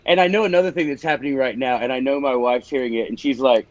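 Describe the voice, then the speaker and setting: A man's voice: medium pitch, expressive, fast talker, few pauses, dry recording, lo-fi sound. A man with a Memphis accent, a guest author explaining ideas in a casual interview, teaching and restarting as he talks.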